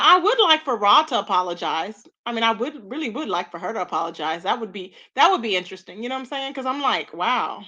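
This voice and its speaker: A high-pitched woman hosts a casual live stream and gives gossip commentary, reacting to her chat with a lot of feeling. Her voice is bright and sharp, with a pointed edge. She laughs often and talks straight to her viewers. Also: dull audio. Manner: animated and expressive, laughs often, keeps saying "child".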